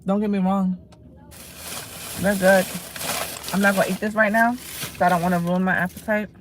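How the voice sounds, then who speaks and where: Snapping back at chat with blunt profanity, then settling into easygoing talk about what she's eating, this woman chats on a casual livestream. Her voice is medium-pitched at a normal speed, with a slight hiss or hum.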